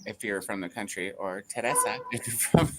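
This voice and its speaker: A woman hosting a casual group video chat, laughing often as she talks. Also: moderate pace. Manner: giggly, laughs often, lively pitch. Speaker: livestream host.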